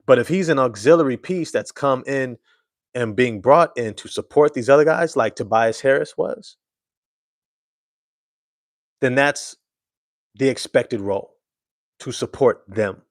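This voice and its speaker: A man's voice: mid-range voice, animated, unhurried, pauses often, no room sound. Man, sports stream host, emphatic, slangy, repeats points, dry close sound. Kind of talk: casual live-stream sports commentary.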